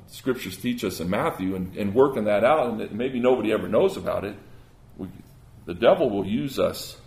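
Gravelly guy preaching in a church, earnest, kinda stammery, echoey room. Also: mid-range voice, a little mellow. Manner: earnest, conversational, frequent stammered restarts. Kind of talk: sermon.

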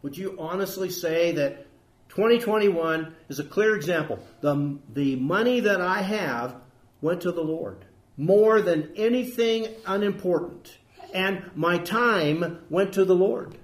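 Male pastor, fairly high voice, emphatic sermon delivery with rhetorical questions.

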